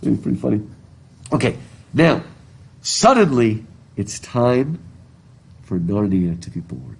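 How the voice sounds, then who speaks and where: A middle-aged college professor teaches a literature class through a mask, captured by a recording device in the classroom, his voice a bit husky and muffled. Chatty and digressive, he wanders into tangents, reads passages aloud and keeps quizzing students. His mid-range, darkish voice swings widely in pitch at an unhurried pace.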